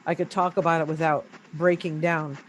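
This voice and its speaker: A woman interview guest on a video call, telling her own story in casual speech, hesitant and halting, repeating words as she searches for them. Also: low voice, flat delivery, slight background noise, poor audio. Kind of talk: casual first-person storytelling.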